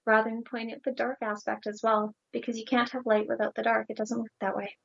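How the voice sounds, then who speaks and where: A woman's voice: fairly high pitch, flat delivery, fast talker, vocal fry, slightly rough, dry recording, highs cut off. A woman talking earnestly in a conversation, explaining her experiences at length and posing rhetorical questions. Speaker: guest. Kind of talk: casual conversation.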